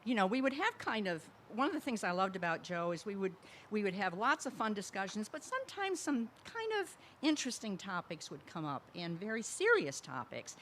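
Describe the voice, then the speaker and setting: A woman's voice: medium pitch, fairly bright tone. A woman speaks at a memorial service and remembers a friend in a reflective, rambling way. She laughs fondly as she recalls her. Faint noise sits behind her voice. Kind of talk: personal eulogy.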